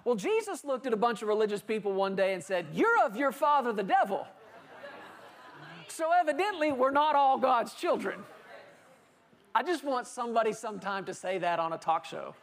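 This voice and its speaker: A male pastor preaches to his congregation in a conversational, storytelling style. He leans into playful anecdotes, acting out little exchanges between characters. His pitch rises and falls freely as he works the room. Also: brisk, some chatter behind. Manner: animated storytelling preacher, acting out dialogue with laughter. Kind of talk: sermon.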